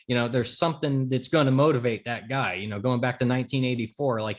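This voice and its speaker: A man's voice: medium pitch, quick pace, faint music behind. An American man, a podcast guest, explaining his views in an earnest, argumentative way. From United States. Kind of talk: casual podcast chat.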